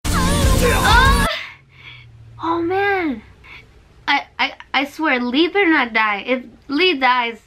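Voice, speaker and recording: A young woman in a reaction vlog, emotional and tearful, exclaiming often. Her voice is high and she speaks slowly, while trailer music plays clearly behind her. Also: expressive, sharp tone. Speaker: video reactor.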